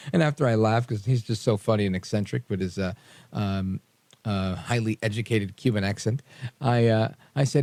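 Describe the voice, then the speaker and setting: A man's voice: lowish voice, normal speed, a little mellow, dry recording. A man hosting a political talk radio show, speaking emphatically in a rambling, slangy way.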